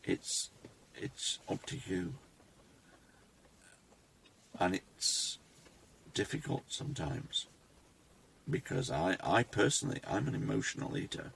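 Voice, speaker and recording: Slow, gravelly-voiced man. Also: on the low side, animated, a bit bright, a little hiss or hum. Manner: reflective, halting, with many restarts. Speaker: vlogger. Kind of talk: rambling personal vlog. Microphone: phone camera.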